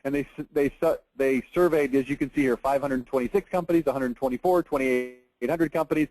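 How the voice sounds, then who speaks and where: A man's voice: medium pitch, a little fast, darkish tone, no room sound, low-quality recording. A man, giving a blunt, emphatic marketing webinar with an exasperated edge. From Texas. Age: 40s. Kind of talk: webinar presentation over screen share.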